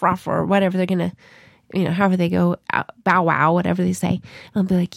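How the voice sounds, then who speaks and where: A woman's voice: mid-range voice, a little fast, gravelly, no echo. Woman, podcast co-host, casual chat, playful explanations, dry sound. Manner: chatty, explaining with playful examples.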